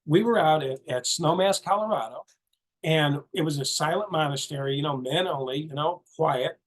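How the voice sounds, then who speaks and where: A man's voice: a little high, normal speed. A man co-hosting a casual chat, telling stories animatedly, repeating words and acting out what people said. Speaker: co-host.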